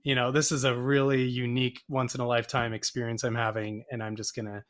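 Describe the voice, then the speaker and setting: A man guest telling a rambling, animated story in a casual interview, often acting out the voices of people he quotes. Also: medium pitch, fast. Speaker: photographer and podcast guest.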